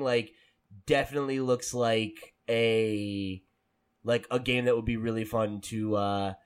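An American man hosting a gaming podcast in casual chat, rambling with lots of filler and quick laughs. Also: medium pitch. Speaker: podcast host.

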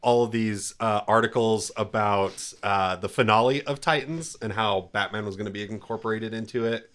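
A man's voice: on the low side, normal speed. A man hosting a casual podcast chat, moving the group from topic to topic. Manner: steers topics, relaxed. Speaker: podcast host.

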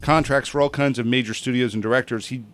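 A man's voice: medium pitch, fairly even intonation, fast. A man hosting a casual podcast chat, rambling and hesitant with lots of ums. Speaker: podcast host.

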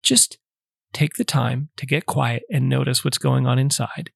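A man hosting a podcast, calmly teaching prayer in numbered steps with a casual, conversational manner. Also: medium pitch, measured pace, vocal fry, slightly rough, no echo, clean studio sound. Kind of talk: casual instructional talk.

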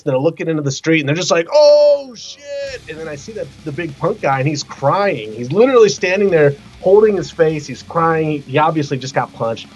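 Animated storytelling man on a dull line. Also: on the high side, a little hiss or hum. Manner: animated, profane, acts out quotes with shouts. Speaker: guest musician. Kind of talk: casual storytelling.

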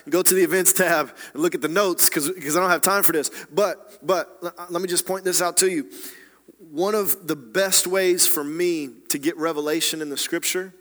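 A pastor preaches a sermon in a large hall, his fairly high voice swinging between hushed, quiet passages and loud, rising exhortation.

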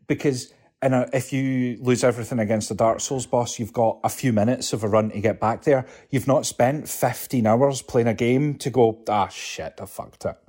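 A man's voice: mid-range voice, fairly even intonation, moderate pace, dark tone. A man co-hosting a casual gaming podcast, blunt and wry, arguing his view with dry humor. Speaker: podcast co-host.

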